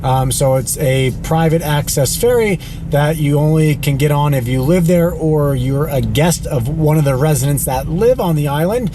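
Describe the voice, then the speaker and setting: A man's voice: fairly high pitch, normal speed, noisy background. A man who trains dogs, talking casually to camera while walking his dog and driving, a bit out of breath and breaking off to talk to the dogs. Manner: chatty, talks to his dogs between remarks. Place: outdoors on a beach walk near a road, then in a car.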